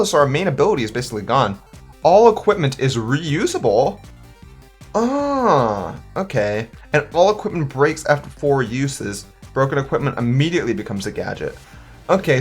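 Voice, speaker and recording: A young man in his twenties chats his way through a video game, upbeat and a little rambling. His pitch sits in the middle range, and soft music plays underneath. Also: slightly rough. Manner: chatty, upbeat and rambling, with self-corrections. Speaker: gaming video host. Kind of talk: casual gameplay commentary.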